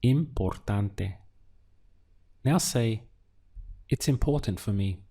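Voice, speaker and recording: Man, language teacher, unhurried, patient, dark mellow voice. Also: lowish voice, slightly rough. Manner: calm, patient, pauses for listener to answer. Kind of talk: slow, deliberate language lesson.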